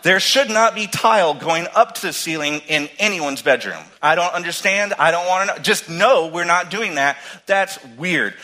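Animated preacher with a bright voice. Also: male voice, sits high, normal speed, hardly any pauses, poor audio. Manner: animated storytelling, swings from loud emphasis to hushed tones. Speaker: pastor. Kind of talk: sermon.

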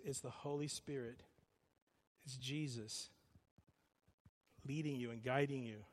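A man preaching a sermon as a pastor, telling stories with animated, repetitive emphasis. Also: mid-range voice, in a large hall.

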